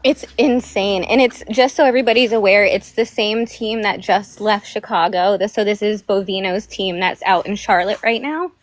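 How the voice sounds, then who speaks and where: A woman calling in to a talk show, upset and near tears, speaking urgently in halting phrases. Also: medium pitch, steady tone. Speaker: caller. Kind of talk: phone-in call. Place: North Carolina.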